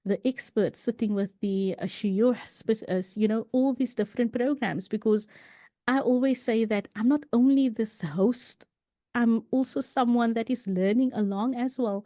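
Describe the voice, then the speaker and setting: A woman with a mellow, warm voice talks earnestly as a podcast guest and tells personal stories in a loose, conversational way. She often restarts her sentences and drops in "you know." The recording is dry and close, with no room sound. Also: on the high side, measured pace, no room sound.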